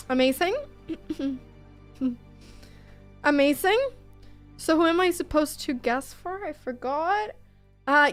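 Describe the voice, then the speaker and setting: Giggly woman chess streamer, very high voice. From Sweden. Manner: giggly and self-mocking, laughs often. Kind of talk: casual commentary over online games.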